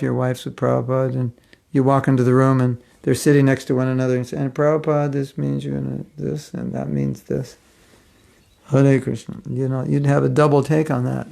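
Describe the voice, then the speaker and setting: A man's voice: mid-range voice, gravelly, a little mellow. A man giving a devotional class, telling stories in a conversational way and chuckling often. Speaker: spiritual teacher.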